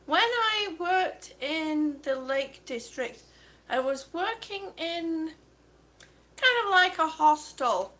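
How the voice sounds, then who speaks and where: A woman on oxygen, hosting a livestream and telling stories, chatty and quick to laugh. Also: very high voice, animated, pushed and bright. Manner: chatty storyteller, laughs often. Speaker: livestream host. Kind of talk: casual chat, reading viewer comments.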